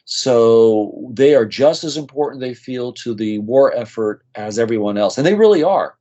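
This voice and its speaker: A man's voice: mid-range voice, lively intonation, moderate pace, mellow. Earnest man telling stories, muffled audio. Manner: earnest, moved, acts out quoted voices. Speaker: nurse practitioner guest. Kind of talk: conversational storytelling.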